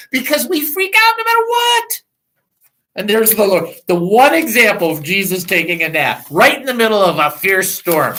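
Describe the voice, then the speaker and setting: A man's voice: very high-pitched, brisk, poor audio. A man hosting a Christian call-in radio talk show, joking and laughing as he talks from a studio microphone. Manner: animated, laughing, joking asides.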